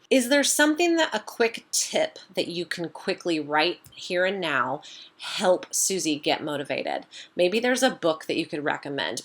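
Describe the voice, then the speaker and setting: A woman's voice: lowish voice, fairly bright tone. A woman business coach giving a motivational talk to camera, emphatic and direct, repeating her points and calling her viewers "you guys".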